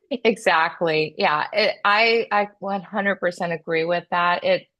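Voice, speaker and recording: A woman's voice: medium pitch, animated, slow. A woman hosting a podcast interview, affirming her guest and asking open questions. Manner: warm affirming listener, asks open questions. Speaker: podcast host.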